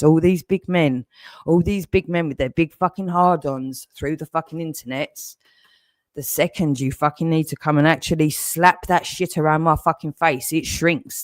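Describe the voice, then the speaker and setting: A man's voice: fairly high pitch, dry recording. An Englishman in an aggressive, threatening rant, swearing heavily and repeating his target's name again and again. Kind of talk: angry on-camera rant.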